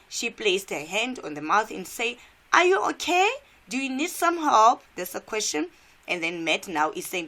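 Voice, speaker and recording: A South African woman who teaches English leads students step by step through a cartoon in a revision lesson, asking them questions along the way. Her voice is lowish with a sharp tone.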